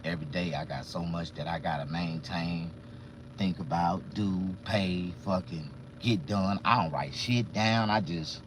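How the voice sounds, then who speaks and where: A man vlogging from a car, ranting casually and profanely, swinging between loud outbursts and low muttering. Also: measured pace, background noise. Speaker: vlogger and barber. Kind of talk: casual live-stream rant.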